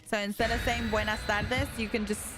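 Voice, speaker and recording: A woman's voice: medium pitch, level tone, brisk. A young adult woman streaming a game, chatting casually and laughing easily, slipping between English and Spanish as she answers her chat. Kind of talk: casual live-stream chat while gaming. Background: background music.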